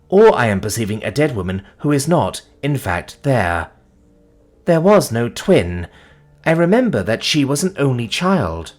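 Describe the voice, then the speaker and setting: A man reading a first-person sci-fi story as narrator, deliberate and even. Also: mid-range voice.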